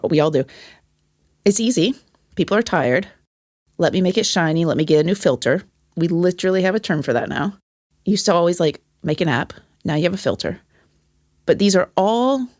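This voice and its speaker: A woman's voice: on the low side, darkish tone, dry recording, studio quality. A woman talking as a podcast guest and former teacher, candid and profane, acting out the voices of people she quotes. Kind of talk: casual conversation.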